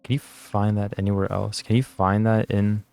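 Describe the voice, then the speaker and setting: A man's voice: on the low side, flat delivery, normal speed, gravelly, a little mellow, no room sound, faint music behind. A tired young man chatting casually while playing a game, rambling and self-deprecating. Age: young adult. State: tired, yawning. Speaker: gaming channel host. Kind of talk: casual gameplay commentary.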